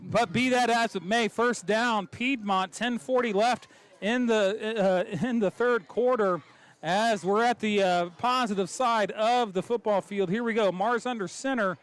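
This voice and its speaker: High-pitched excitable play-by-play man. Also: clear, resonant tone. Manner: excitable, quick play calls with stumbles and laughs. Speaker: play-by-play announcer. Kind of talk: high school football commentary.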